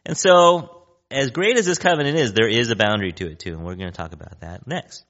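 A male pastor delivers a chatty sermon, his voice bright and swinging widely in pitch. He often pauses to ask "right?" The recording sounds a bit dull and lo-fi. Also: lively intonation. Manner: conversational, keeps asking "right?".

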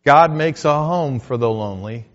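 A male pastor delivering a sermon, moving between loud declarations and quiet, hushed asides. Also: mid-range voice, lively intonation, normal speed, highs cut off.

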